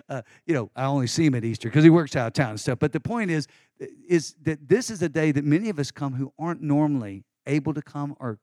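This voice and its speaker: A middle-aged male pastor preaching an Easter sermon in a lively, conversational way with folksy asides. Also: mid-range voice, dry recording, clean studio sound.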